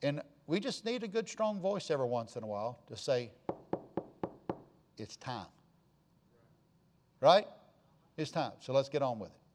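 A man, a pastor preaching a sermon and telling stories, going from hushed asides to loud emphatic lines. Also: mid-range voice, expressive, brisk, a little hiss or hum. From Florida.

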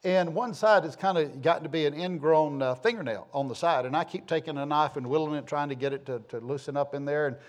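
Man, middle-aged, from the southern US, homespun rambling storyteller, wry self-mocking, slightly high voice. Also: quick pace, hardly any pauses. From southern United States. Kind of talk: folksy personal storytelling.

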